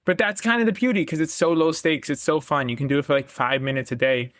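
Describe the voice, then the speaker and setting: A man's voice: on the high side, steady tone, fast talker, fairly bright tone, dry recording, studio quality. A man speaking as a podcast guest in a casual conversation, enthusiastic and self-deprecating, laughing often.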